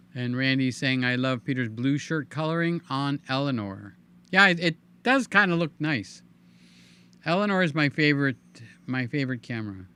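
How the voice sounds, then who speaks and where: An older man hosting a live stream in a casual, chatty way, reading viewer comments aloud with a hoarse, tiring voice. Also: mid-range voice, lively intonation, unhurried, pauses often, pushed and bright. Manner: chatty, reads viewer comments aloud, hums filler sounds. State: hoarse, voice giving out. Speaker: livestream host.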